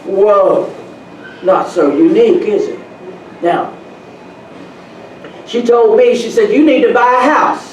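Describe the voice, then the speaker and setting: A man giving a motivational real estate talk to an audience, telling animated stories from his own life. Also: high-pitched, slow, pauses often, dull audio. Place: meeting room. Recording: roomy, distant, faint room noise.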